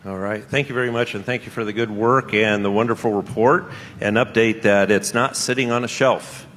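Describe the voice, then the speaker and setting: Relaxed man chairing a session in a hall. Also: on the low side, a little fast, slight background noise. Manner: relaxed, joking, filler-heavy. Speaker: conference superintendent chairing. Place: large conference hall. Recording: long reverb of a large conference hall.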